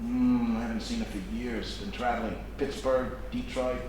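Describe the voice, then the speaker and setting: The actor's voice is medium-pitched, steady, darkish, and natural, at a moderate pace. In a live stage play he portrays a fatherly, worldly middle-aged Chicago gangster, telling stories and lecturing with a wry tone. The recording is roomy and faintly hissy, from a distant room mic in the theater.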